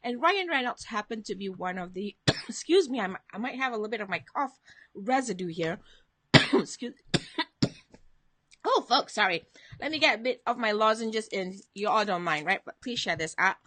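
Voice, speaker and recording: Bright-voiced woman hosting a live stream. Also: mid-range voice, lively intonation, normal speed, no room sound. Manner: chatty, greets viewers by name and reads out comments. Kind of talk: motivational live-stream chat. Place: at home.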